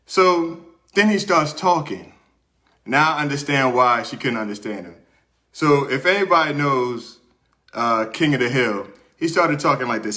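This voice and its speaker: A man's voice: medium pitch, animated, normal speed, bright, forceful tone. A young man hosting his show in a small room, telling a casual story and then going over his sports picks, chatty and repeating himself as he talks to viewers. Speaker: podcast host. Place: small room under hot studio lights.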